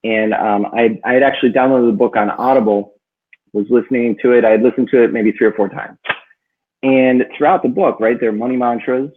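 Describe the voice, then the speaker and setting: Over tinny, phone-like audio, a man from northern Minnesota co-hosts a book club chat and tells a rambling personal story packed with fillers. His medium-pitched voice moves fairly quickly and grows lively when he quotes himself.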